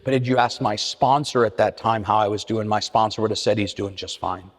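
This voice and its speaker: A middle-aged man with a fairly low, steady voice gives an earnest personal recovery talk as an AA meeting speaker, talking a little fast. Frequent restarts and repeated words mark his delivery, and the church meeting hall gives it a reverberant sound.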